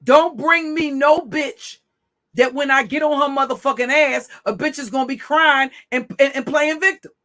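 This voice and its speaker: A woman hosting a livestream rants at her chat in a high, bright, cutting voice, swearing, taunting, and picking fights. Her speed is normal.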